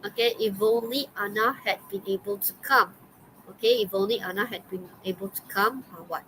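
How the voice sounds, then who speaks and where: A woman's voice: medium pitch, brisk, bright, forceful tone, slight background noise, rough recording. A woman with a Malaysian English accent teaching an online English class, chatty and full of okays and fillers. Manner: chatty, many okays and fillers, laughs often.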